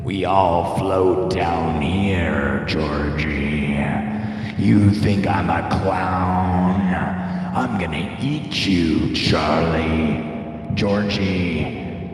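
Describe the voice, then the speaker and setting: A man's voice: low-pitched, heavy reverb, long reverb tail, soft background music, voice pushed down. Man doing a creepy killer clown. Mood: menacing. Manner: slow, drawn-out taunting. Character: menacing child-eating killer clown, male.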